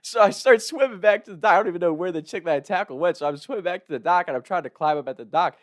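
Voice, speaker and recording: A young man in his twenties casually telling a funny story to camera, animated, laughing and swearing often. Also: fairly high pitch, racing. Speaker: content creator telling a story.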